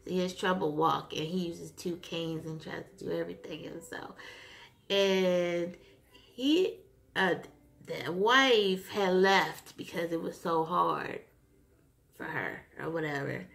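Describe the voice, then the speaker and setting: A woman vlogger casually recapping a TV episode, retelling scenes in an animated way with lots of fillers. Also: lowish voice, slow, creaky. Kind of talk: casual chat.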